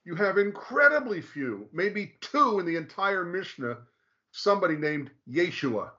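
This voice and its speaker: A man's voice: high-pitched, big pitch swings, a little slow, pushed and bright. A man explaining scripture in casual talk, lecturing with frequent restarts and checks of "okay". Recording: dull lo-fi sound.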